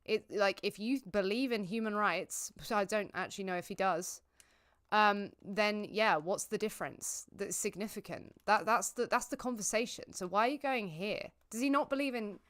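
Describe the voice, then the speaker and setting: A woman's voice: mid-range voice, moderate pace, a bit bright. A woman streamer reacting to a debate while gaming, blurting out exclamations and swearing, then arguing back at the speakers.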